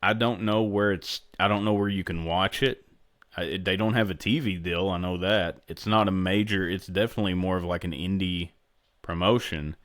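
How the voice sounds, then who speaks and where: A man's voice: low voice, steady tone, moderate pace, a bit bright, no echo, studio quality. A man co-hosting a podcast in casual chat, rambling and restarting his sentences. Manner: rambling, self-interrupting. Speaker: podcast co-host.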